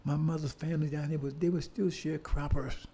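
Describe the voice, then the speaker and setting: A man's voice: on the high side, steady tone, brisk, mellow, a little hiss or hum. An older man giving a fiery lecture, pounding on repeated rhetorical questions and swearing now and then. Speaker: speaker on history. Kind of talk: impassioned street-style lecture.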